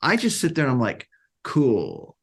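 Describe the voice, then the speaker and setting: Animated man career coach. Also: mid-range voice, moderate pace. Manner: animated, acts out quotes with restarts. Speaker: career coach, podcast guest. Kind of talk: casual interview talk.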